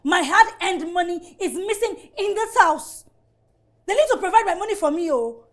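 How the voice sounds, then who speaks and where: An actress with a Nigerian accent playing a loud, accusing young woman in a Nollywood film. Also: extremely high pitch, animated, moderate pace. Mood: indignant.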